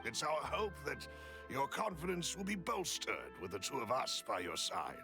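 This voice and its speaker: An actor playing a courteous older butler in a video game, speaking in a polite, formal way. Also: male voice, medium pitch, huge pitch swings, normal speed, gravelly, pushed and bright, soft background music, full character voice.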